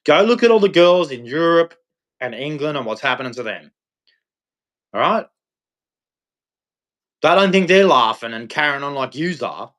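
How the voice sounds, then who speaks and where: A man's voice: fairly high pitch, very animated, normal speed, long pauses, a bit bright. An Australian man ranting on a livestream in a blunt, scolding, preachy way. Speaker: livestream host. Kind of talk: livestream rant.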